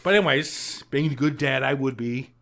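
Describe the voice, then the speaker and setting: A man's voice: mid-range voice, moderate pace, creaky, a bit bright, slight background noise. A man on a podcast recapping a film in casual chat, swearing often, laughing a lot and acting out the characters' lines. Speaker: podcast co-host.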